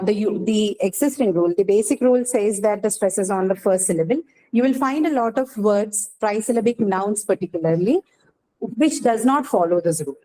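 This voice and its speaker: A woman's voice: fairly high pitch, mellow, low-quality recording. A woman teaching an English class, explaining patiently and often checking that students follow. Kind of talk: classroom lecture.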